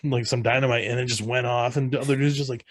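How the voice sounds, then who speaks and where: Animated man retelling a movie. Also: medium pitch, quick pace, no room sound. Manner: animated retelling, acting out lines in raised voices. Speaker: podcast co-host. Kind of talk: casual movie recap chat.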